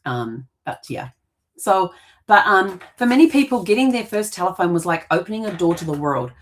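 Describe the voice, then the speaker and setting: Brief: middle-aged New woman, lower voice, chatty storyteller who restarts often. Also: expressive, normal speed. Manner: chatty, rambling, with frequent restarts and laughs. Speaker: genealogy podcast host. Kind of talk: casual storytelling monologue.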